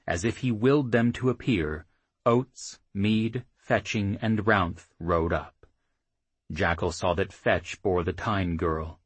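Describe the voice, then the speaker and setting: A man narrating a fantasy audiobook in an even, deliberate reading style. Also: fairly low pitch, husky, dry recording.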